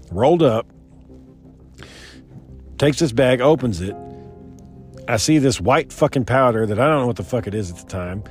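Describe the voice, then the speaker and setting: A man's voice: medium pitch, darkish tone. A young man telling a rambling, profane personal story, quoting others in his own voice.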